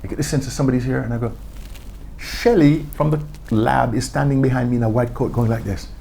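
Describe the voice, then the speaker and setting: A man's voice: medium pitch, fairly even intonation, fast talker, creaky, mellow, slight background noise. A man telling stories as an interview guest, acting out quotes and laughing often. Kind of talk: storytelling interview.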